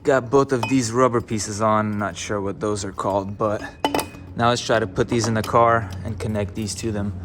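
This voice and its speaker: A man's voice: lowish voice, fairly even intonation, moderate pace, noisy background. A man casually narrating his car rebuild as he works, keen and explaining each step in a garage. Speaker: car build vlogger. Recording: background music playing.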